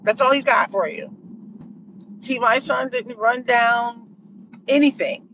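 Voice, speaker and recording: A woman's voice: a little high, slow pace, slight background noise. Middle-aged woman host, distant muffled mic. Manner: animated, acts out others' lines with laughs. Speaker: podcast host. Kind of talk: casual storytelling monologue.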